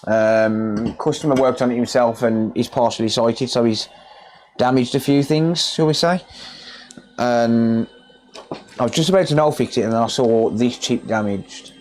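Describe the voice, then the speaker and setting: A chatty English man at a mid pitch for his sex, talking through repair work in a loose livestream chat. He rambles between tasks and answers viewers by name, with an easy, everyday delivery. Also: normal speed, a little mellow, slight background noise. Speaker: electronics repair technician. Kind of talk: casual livestream chat while working.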